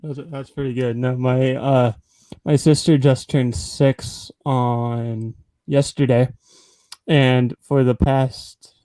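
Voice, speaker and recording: Young man, mellow voice, casual chat. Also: mid-range voice, level tone, slow, clean tone, no room sound. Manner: short agreeing replies.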